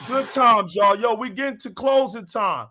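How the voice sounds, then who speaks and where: A man hosting a casual gaming podcast with a very high, bright, sharp voice. He talks with hyped energy and shouts shout-outs to his guests. The sound is a little muffled, with a faint hiss behind it. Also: moderate pace. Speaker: podcast host.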